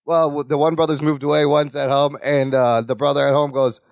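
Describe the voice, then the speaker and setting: A man's voice: fairly high pitch, animated, quick pace, hardly any pauses, no room sound, clean studio sound. A man co-hosting a podcast, chatting casually about a sitcom episode and acting out the characters' lines in voices. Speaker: podcast co-host. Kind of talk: casual chat recapping a sitcom.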